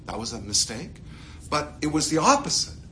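A man teaching a Torah class, his voice swooping up and down with animation. His tone is bright and forceful, and he keeps throwing rhetorical questions and playful asides at his listeners. A faint hum of room ambience sits behind him. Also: a little high, very animated, normal speed.

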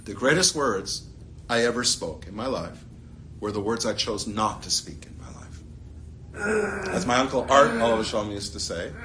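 Man, Torah teacher, animated pitch swings, bright forceful tone, rhetorical questions, playful asides. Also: normal speed, a little hiss or hum. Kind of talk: animated classroom Torah lesson.

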